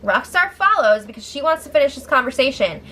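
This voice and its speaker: A woman with a slightly high voice recaps reality-TV drama in a casual, chatty way. She breaks in with sarcastic, incredulous comments. Faint noise sits under her voice. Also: sing-song, fairly quick, bright, forceful tone. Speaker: show recap host.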